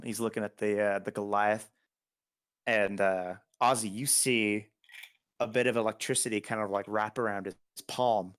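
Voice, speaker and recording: A man's voice: on the low side, steady tone, moderate pace, fairly bright tone. Male game master narrating a tabletop game. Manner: loose, descriptive, chuckling storyteller.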